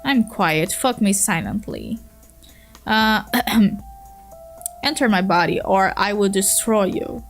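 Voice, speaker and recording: A woman's voice: mid-range voice, very animated, takes it slowly, pauses often, faint music behind. A woman with a Brazilian Portuguese accent voicing a crude, flirtatious female troll who talks in short, blunt lines. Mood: lewd.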